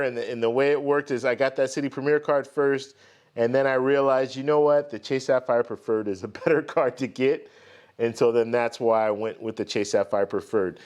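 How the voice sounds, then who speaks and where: A man hosts a casual live stream and calls out greetings to viewers one name after another. His voice sits at an ordinary middle pitch. He rambles and restarts his sentences as he tells his story. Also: a little mellow. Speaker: host of a live stream credit card show.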